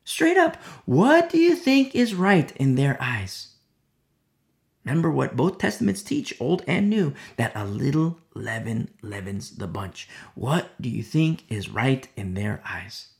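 A Bible teacher working through scripture verse by verse, with a gravelly edge to the voice. The pitch swings widely as the teacher stresses and repeats key phrases, now and then dropping to a whisper. Bits of the text get acted out in quick changes of voice. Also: big pitch swings. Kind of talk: verse-by-verse Bible study sermon.

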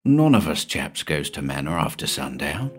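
A man voicing a timid, stubborn country villager who mutters in a low voice. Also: moderate pace, faint music behind. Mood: sullen. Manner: low, flat, stubborn repetition.

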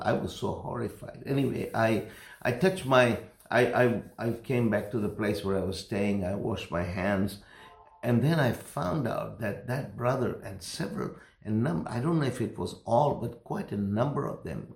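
Male pastor, low gravelly voice, earnest sermon storytelling, roomy echo. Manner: earnest, rambling with restarts, rising intensity.

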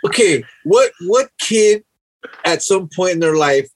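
A man's voice: sits high, expressive, measured pace, no room sound, rough recording. A man co-hosting a podcast, chatting in a laid-back way and swearing casually. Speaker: podcast co-host. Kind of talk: casual chat.

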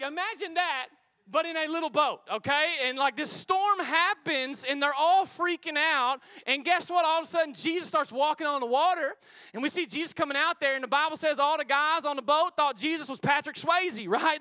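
A man preaching a sermon to a congregation. He preaches in an energetic, conversational way and calls out to the crowd. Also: very high voice, fairly quick, no echo. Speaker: pastor. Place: church auditorium before a congregation.

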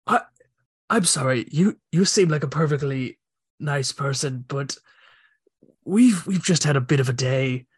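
Relaxed man describing a game scene. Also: mid-range voice, unhurried, long pauses, slightly rough. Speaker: player. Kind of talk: tabletop role-play.

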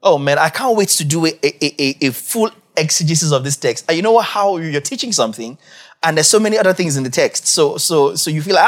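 A man preaching a sermon as pastor, emphatic and repetitive, building to raised, shouted peaks. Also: fairly high pitch, lively intonation, fast. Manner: emphatic, repeats key phrases, rising to shouts.

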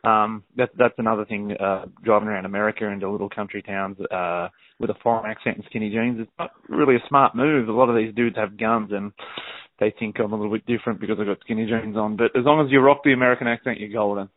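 A man's voice: fairly low pitch, fairly even intonation, fast, no echo. A man with an Australian accent, telling rambling stories in a casual podcast chat. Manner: laid-back, rambling storyteller with many fillers. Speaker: guest. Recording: dry, phone-like narrow sound.

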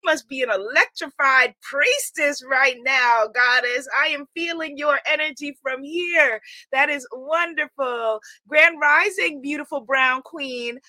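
A middle-aged woman from Guyana hosting a weekly live stream, loud and exuberant, greeting viewers by name. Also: high-pitched, unhurried, hardly any pauses, dry recording. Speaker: livestream host.

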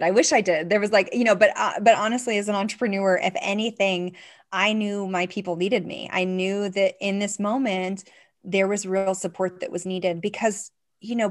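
Enthusiastic middle-aged woman, organizing coach, animated interview guest, mid-pitched voice. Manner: enthusiastic, animated, jumps up in pitch when excited. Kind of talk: casual interview chat.

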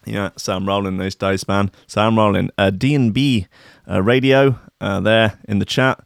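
A man's voice: fairly low pitch, steady tone, moderate pace, vocal fry, no echo, studio quality. A man hosting a show, chatting in a rambling, profane, joking way. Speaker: show host. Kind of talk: casual chat.

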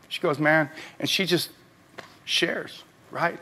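A middle-aged male pastor preaching a sermon, swinging between loud urging and quiet, confessional talk. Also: fairly high pitch, unhurried.

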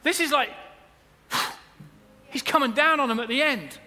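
A man preaching a sermon as pastor, building to loud emphatic peaks. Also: very high-pitched, measured pace. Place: church auditorium. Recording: long hall reverb with faint music.

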